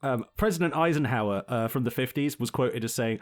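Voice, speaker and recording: A man's voice: mid-range voice, fairly quick, faint music behind. A man co-hosting a podcast, talking politics in a sweary, sardonic, rambling way. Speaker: podcast co-host. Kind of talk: casual political chat.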